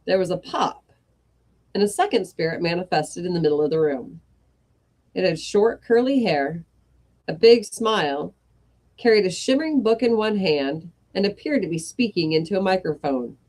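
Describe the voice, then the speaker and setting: A woman reading a comic story aloud in a measured storybook style. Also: fairly low pitch, expressive, darkish tone.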